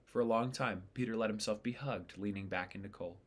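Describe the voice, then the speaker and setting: A man reading a novel chapter aloud in a steady, unhurried storytelling way. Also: fairly low pitch, breathy edge. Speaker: audiobook reader.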